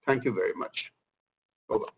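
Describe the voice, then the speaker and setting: A man, an organizer, closing his opening remarks at a webinar in a courteous, formal manner. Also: brisk. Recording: tinny phone-like webinar audio.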